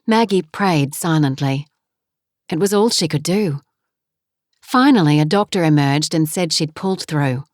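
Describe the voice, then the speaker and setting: A woman narrating an audiobook romance novel in a measured, steady way. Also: low voice, dry recording, studio quality. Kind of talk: scripted narration.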